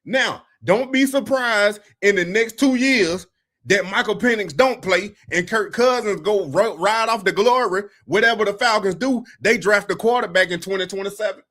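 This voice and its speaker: High, bright-voiced football ranter. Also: male voice, normal speed. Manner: emphatic, informal, talks straight at the listener. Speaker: football commentator. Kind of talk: casual sports rant.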